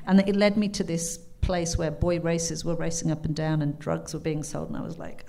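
A British author in her fifties spins a long, comic anecdote with plenty of laughter. She drops into other voices for quoted lines. Her voice sits slightly low. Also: fairly quick, vocal fry, few pauses. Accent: British English. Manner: animated, laughing, acts out quotes in character. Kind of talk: anecdotal storytelling at a live book talk.

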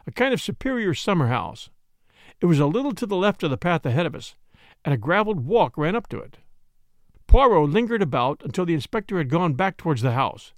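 A man narrating a classic mystery as a podcast host, his voice fairly high with a lively, varied melody. He tells the story in a smooth, measured way. The recording is close and dry with no room sound. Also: no room sound.

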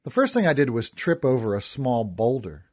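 With a mid-range voice and moderate pace, a man narrates a first-person audiobook story. He becomes expressive and wisecracking when voicing his character's dialogue.

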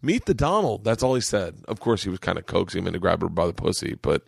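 An American man hosting a casual podcast at home, rambling through jokes and swearing freely. His voice is low and gravelly with a lot of fry. The sound is dry and close to the mic. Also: fast talker, no room sound. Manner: profane, joking, rambling. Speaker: podcast host. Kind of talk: casual chat. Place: home studio.

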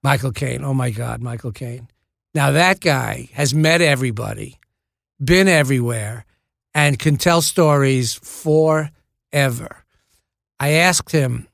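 A man's voice: mid-range voice, takes it slowly, gravelly, fairly bright tone, dry recording, studio quality. An older man, a guest actor, chatting casually and telling reflective stories in an interview. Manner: anecdotal, reflective storyteller.

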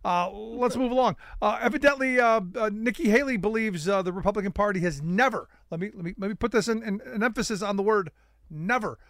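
A man's voice: high voice, fairly quick, a bit bright, dry recording, clean studio sound. A man co-hosting a casual political talk show, hesitant and wry, with many restarts. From United States. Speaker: co-host.

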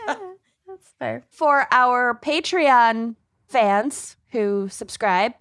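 A woman co-hosting a podcast, chatting casually with friends. She speaks slowly with an unhurried drawl, her voice sitting a touch high. She keeps it laid-back and jokes about herself. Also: lively intonation, fairly bright tone. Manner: laid-back, self-deprecating joking. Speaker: podcast co-host. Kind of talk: casual chat.

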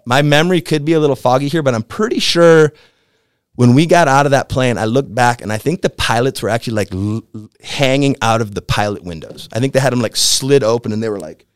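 A man in his fifties from the American Midwest, a podcast guest telling a story in a laid-back, slangy way that gets animated as it builds. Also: medium pitch, smooth, no echo, studio quality. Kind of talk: casual storytelling.

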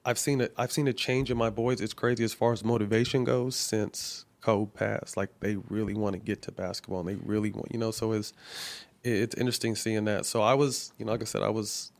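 A middle-aged man talks through a long personal story in a casual interview, his voice held in a narrow, level pitch. He speaks candidly and swears freely, often restarting his phrases. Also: level tone, brisk, vocal fry. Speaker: guest.

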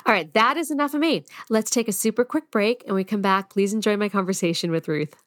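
A woman's voice: medium pitch, fast talker, no room sound. A woman hosting a podcast, talking in an upbeat way and laughing easily as she interviews a guest. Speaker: podcast host.

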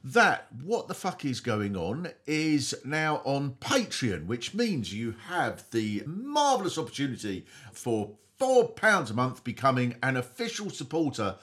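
A man's voice: mid-range voice, huge pitch swings, unhurried, few pauses, a bit bright. A middle-aged man hosting a comedy podcast in a theatrical, mock-grand way. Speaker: podcast host.

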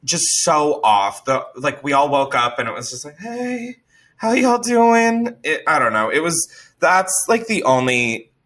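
Young male podcast host, animated storyteller, bright tone. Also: mid-range voice, normal speed, few pauses. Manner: animated, swearing, laughs a lot. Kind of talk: casual storytelling.

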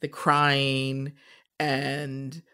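A woman's voice: rumbling low, monotone, extremely slow, sharp tone, clear, resonant tone. A woman on a casual podcast making wry, sardonic asides. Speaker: podcast co-host.

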